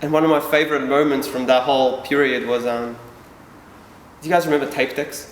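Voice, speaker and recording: A man's voice: mid-range voice, steady tone, a little fast, slight background noise. A man from Yugoslavia telling a personal story to a live audience, speaking candidly and casually with self-deprecating asides. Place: event hall. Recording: echoey hall from far off.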